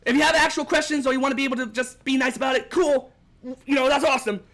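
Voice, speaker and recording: A man's voice: extremely high pitch, steady tone, fast, fairly bright tone. A young man gushing over a rhythm game update in a rambling, enthusiastic video commentary, full of restarts. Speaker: gaming video creator.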